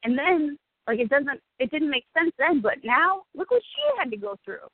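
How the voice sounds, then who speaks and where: A woman's voice: sits high, lively intonation, normal speed, no echo. A woman in her forties, a radio guest, speaking candidly and emotionally and swearing freely. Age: 40s. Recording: tinny phone-like dry sound.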